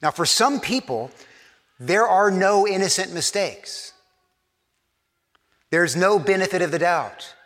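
A man's voice: high-pitched, animated, slow, pauses often, a bit bright. A man preaching a sermon in a conversational way, often repeating words and acting out imagined quotes. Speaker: pastor. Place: church. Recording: long church reverb.

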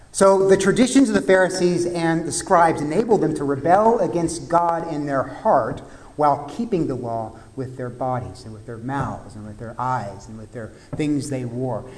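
A pastor preaches in a casual, conversational way, full of fillers and questions put to the listeners. His voice sits a little high for a man. The sound carries a long reverb, as in a large hall. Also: normal speed. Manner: conversational, asks the congregation questions, many fillers. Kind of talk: sermon.

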